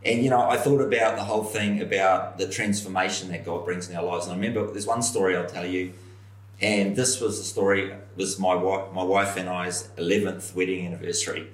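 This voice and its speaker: A middle-aged pastor with a lower voice tells his story with animation, slipping into the voices of the people in it. He sits some way back from the microphone, and the room rings with echo. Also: fairly even intonation, brisk. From New Zealand. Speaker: senior pastor. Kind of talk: storytelling in a podcast conversation. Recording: roomy echo, somewhat far from mic.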